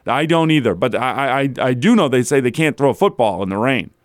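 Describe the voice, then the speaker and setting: A man's voice: medium pitch, lively intonation, fast, dry recording, clean studio sound. A man hosting a sports talk show, ranting in disbelief and firing off rhetorical questions about coaching decisions. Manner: incredulous, builds to exasperated rhetorical questions. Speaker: sports radio host. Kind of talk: animated sports talk rant.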